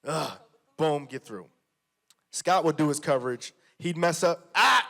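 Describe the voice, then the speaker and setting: A man's voice: on the high side, unhurried, creaky. A man, an actor on a panel, chatting casually and emphatically about his work on set, often repeating himself. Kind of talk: casual conversation.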